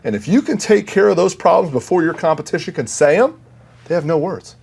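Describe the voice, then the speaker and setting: A man's voice: a little high, expressive, fairly quick, gravelly, a little mellow, breathy edge. A man who works in sales, a guest on a podcast, telling earnest stories and quoting the people in them. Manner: earnest storyteller, quotes himself and others. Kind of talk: casual interview chat.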